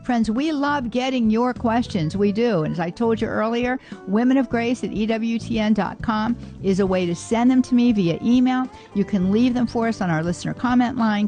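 A woman hosting a radio talk show, chatting casually with listeners and often pausing on "uh" fillers. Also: mid-range voice. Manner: chatty and warm-hearted, many "uh" fillers, laughs easily.

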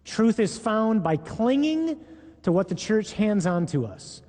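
Earnest preacher in a reverberant hall. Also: male voice, sits high, very animated, a little mellow. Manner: earnest, emphatic, deliberate. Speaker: Catholic preacher. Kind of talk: sermon.

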